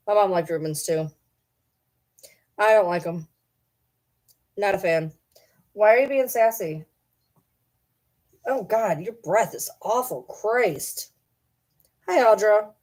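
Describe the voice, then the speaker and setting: A woman's voice: medium pitch, a little mellow. A woman from Michigan chats loosely with viewers, rambling from one topic to the next. Her talk is casual and teasing, and she fondly scolds her pet in between. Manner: chatty, teasing, talks baby talk to her pets. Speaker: streamer chatting with viewers. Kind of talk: casual chat.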